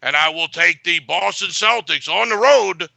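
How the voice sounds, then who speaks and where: A man's voice: high voice, animated, normal speed, gravelly, bright, forceful tone, dry recording. A man giving a sports betting pick in a blunt, boastful way, full of filler uhs.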